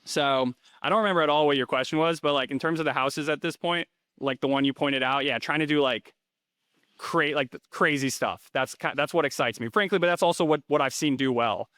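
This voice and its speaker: A man's voice: fairly high pitch, fairly quick, fairly bright tone, no room sound, studio quality. A man in his thirties, a guest in a casual interview, talking in a rambling way full of fillers and restarts. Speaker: interview guest, rental investor.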